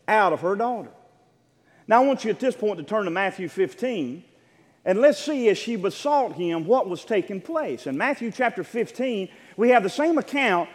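A man preaching a sermon, repeating phrases for emphasis and swelling into shouted peaks. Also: high-pitched, in a large hall.

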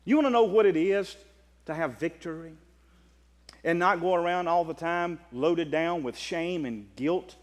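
In a large hall, a man with a Southern US accent preaches passionately in a slightly high voice. He alternates between loud, drawn-out proclamations and quick, quiet asides.

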